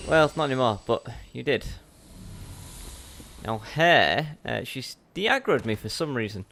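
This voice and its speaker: A man's voice: medium pitch, sing-song, measured pace, vocal fry, a bit bright, slight background noise. A man hosting a let's play, giving chatty, self-mocking commentary as he plays and talking back to the game. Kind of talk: gameplay commentary.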